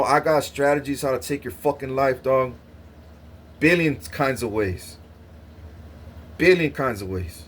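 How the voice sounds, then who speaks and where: Speaking in a mid-range voice over slight background noise, a man delivers an angry, boastful rant to camera. This vlogger swaggers, swears, and makes threats, frequently stumbling and restarting his words as he repeats himself.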